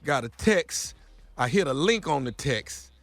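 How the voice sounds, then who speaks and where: Male radio comic, slightly high voice, animated and playful storytelling. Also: measured pace, no room sound, soft background music. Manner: animated storyteller acting out dialogue. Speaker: radio comedian and prank caller.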